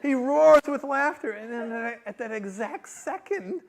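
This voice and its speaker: A man's voice: very high-pitched, measured pace, gravelly, background noise. A man, an author telling a comic, self-mocking story to an audience with frequent restarts. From New York City, USA. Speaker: author giving a public reading.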